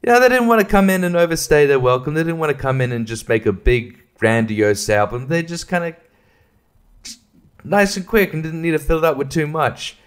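A man's voice: fairly high pitch, a little fast, smooth. A man hosting a casual solo podcast, rambling and swearing freely, often breaking into laughter. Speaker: podcast host.

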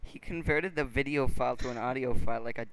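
A man's voice: medium pitch, quick pace, a loud crowd, rough recording. A man co-hosting a let's play, joking and teasing his partner in casual banter.

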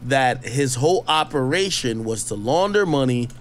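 A man's voice: medium pitch, lively intonation, normal speed, slight background noise. A man reading news reports aloud and breaking off into casual, skeptical, slangy commentary. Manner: chatty, skeptical, slangy asides. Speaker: online commentator.

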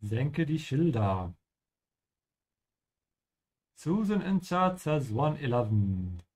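A man hosting a live-streamed lesson, explaining German pronunciation slowly and switching between English and German. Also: medium pitch, big pitch swings, a little mellow. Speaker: language teacher and stream host.

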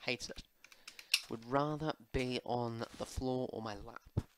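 A Minecraft YouTuber talks at a desk microphone at home, his voice medium-pitched, steady and slow over a noisy background. He rambles through casual gameplay commentary, answering viewer questions with plenty of fillers and asides to his pet.

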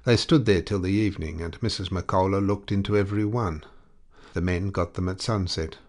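A man narrating a classic short story as an audiobook, in a measured, deliberate way. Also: sits low, a little mellow. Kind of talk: scripted narration.

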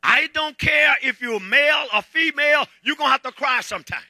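A pastor with a Southern American accent preaching a sermon in church, calling on the congregation to answer and breaking into shouts and half-sung lines. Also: male voice, very high-pitched, lively intonation, brisk, no echo. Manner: preaching with call-and-response, shouting and half-singing. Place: church sanctuary.

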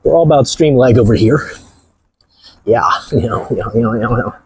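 A man's voice: mid-range voice, moderate pace, mellow, slightly rough, dry recording. A man hosting a livestream while walking outdoors near the ocean, talking in a mocking, playful way and laughing often. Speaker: livestream host. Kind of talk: joking livestream chatter.

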